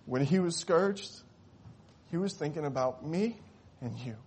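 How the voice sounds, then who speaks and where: A man preaching a sermon, telling a story and rising to impassioned cries before dropping to hushed, tender tones. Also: on the high side, expressive, measured pace, slight background noise. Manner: swells to impassioned shouting at climaxes, drops to hushed tones.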